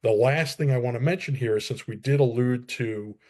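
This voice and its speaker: A mid-pitched man explains legal points on a podcast. He builds each idea step by step, with small restarts, in a measured, steady way. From New Jersey, USA. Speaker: copyright expert guest.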